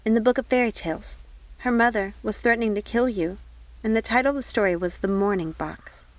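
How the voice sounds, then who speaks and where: Woman doing a bright, caring young princess. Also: mid-range voice, fairly quick, no room sound, lightly acted. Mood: warm.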